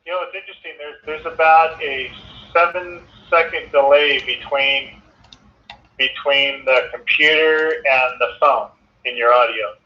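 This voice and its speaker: A man with a slightly higher voice speaks haltingly and stops often to find his words. He is a client on a call. The sound comes through a thin, tinny phone line. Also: steady tone. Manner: hesitant, many fillers and restarts. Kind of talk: casual chat.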